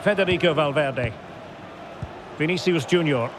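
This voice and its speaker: A man doing play-by-play football commentary for a video game, measured calls that rise to shouts at goals. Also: a little high. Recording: game audio with loud background noise.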